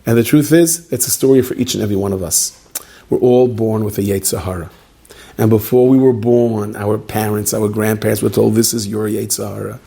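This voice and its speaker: A man's voice: lowish voice, fairly quick, dark tone. A man, a rabbi, telling a story in a sermon, chatty and full of joking asides, with Yiddish and Hebrew words mixed into his speech.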